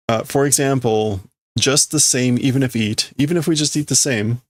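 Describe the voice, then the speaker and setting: A man hosting a casual livestream, reading Japanese manga lines aloud and translating them haltingly as he thinks out loud. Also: mid-range voice, no room sound.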